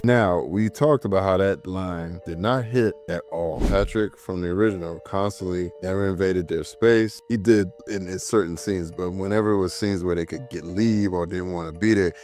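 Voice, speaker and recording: Low-voiced man recapping a film. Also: normal speed, hardly any pauses, soft background music. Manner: animated storytelling, acts out characters' lines. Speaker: podcast co-host. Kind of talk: casual movie recap chat.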